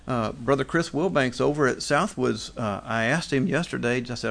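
A man's voice: medium pitch, normal speed, gravelly, few pauses, fairly bright tone. A middle-aged pastor preaching a conversational sermon, asking rhetorical questions and restarting phrases as he goes.

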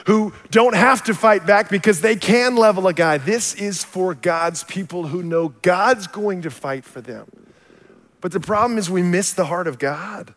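Man, pastor, sermon, fairly high voice, animated preaching, quiet-to-shouting swings, long hall reverb. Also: unhurried.

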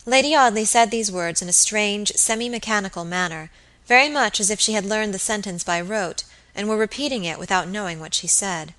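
Woman, audiobook narrator, bright clear tone, measured expressive reading, classic novel. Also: medium pitch, poor audio.

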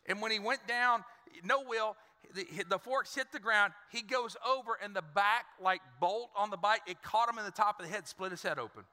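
Male pastor, high-pitched and sharp-edged, chatty storytelling sermon, long hall echo. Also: normal speed, clear, resonant tone. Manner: conversational storytelling with humor and repeated words. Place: church.

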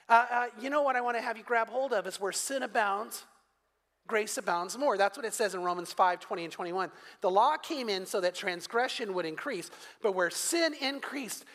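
A man's voice: high-pitched, animated, moderate pace, a bit bright. An older man preaching a sermon, with a conversational, storytelling manner and touches of humor. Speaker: pastor. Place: church sanctuary. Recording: long hall reverb.

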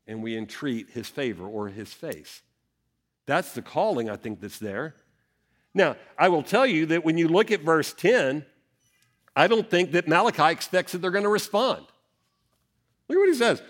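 Brief: male pastor, earnest sermon delivery, slightly higher voice, lifts his voice to press a point. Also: sing-song, moderate pace. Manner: earnest preaching, reads scripture then explains, rising for emphasis.

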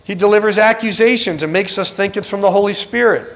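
Man, middle-aged, preacher, sermon, high-pitched, earnest, direct. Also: brisk, a bit bright. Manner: earnest, direct, acts out quoted voices.

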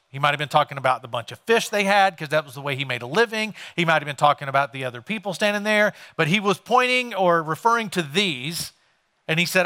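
A man preaching a sermon in a bright, forceful voice, pitched a little higher than most men. He tells the scripture story conversationally, as a pastor putting old words into plain modern talk. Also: animated, a little fast.

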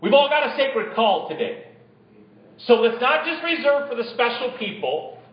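A pastor preaching a sermon, reading scripture aloud and calling out to the congregation. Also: male voice, very high-pitched, very animated, moderate pace. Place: church. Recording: echoey, dull-sounding church recording.

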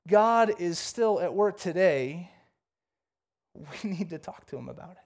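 A man preaching a sermon, reading scripture and then retelling it with jokes and lively asides. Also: a little slow, creaky. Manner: animated, jokey storytelling with big pitch swings; reads scripture aloud, then riffs casually. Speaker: pastor.

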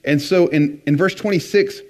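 A man's voice: fairly high pitch, normal speed, darkish tone. A man preaching a conversational sermon, retelling scripture with casual asides. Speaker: pastor.

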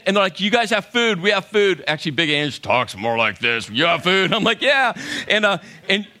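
Animated man telling a funny story. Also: high-pitched. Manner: animated, humorous, acts out quotes. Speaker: speaker telling a story to an audience. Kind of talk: storytelling talk.

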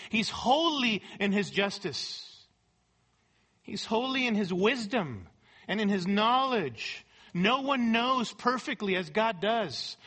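A man preaches through scripture verse by verse with a high voice. His delivery is emphatic, and he repeats key phrases for stress. The sound is bright and forceful. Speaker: pastor. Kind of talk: sermon.

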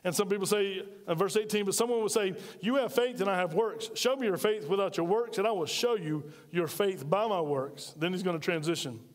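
A man's voice: sits high, brisk, hardly any pauses, in a large hall. A male pastor preaching a sermon, firing off emphatic rhetorical questions.

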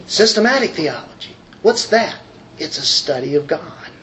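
A man's voice: fairly high pitch, expressive, fairly bright tone, slight background noise, low-quality recording. A man preaching a sermon in a conversational way, stretching out key words for emphasis and trailing off into asides. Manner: conversational, drawn-out emphatic phrasing; frequent fillers and restarts.

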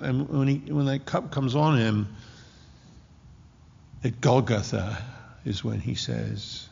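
A man preaching a sermon with impassioned, slowly drawn-out emphasis. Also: medium pitch, creaky, darkish tone, husky. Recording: dull lo-fi with long hall reverb.

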